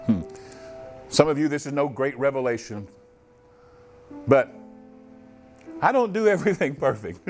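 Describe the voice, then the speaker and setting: A man preaching a sermon in a church on a microphone, swinging from high, loud passages to low, quiet asides, his voice going hoarse. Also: expressive, moderate pace, pauses often, soft background music. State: losing his voice. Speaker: pastor. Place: church sanctuary. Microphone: handheld or stage microphone.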